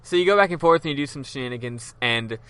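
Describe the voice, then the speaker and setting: A podcast host, a man with a bright, forceful voice and a middling pitch. He recaps a game's plot in casual chat, swearing freely and padding with ums. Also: expressive, quick pace, clear, resonant tone, no room sound. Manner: loose, profane storytelling with many ums.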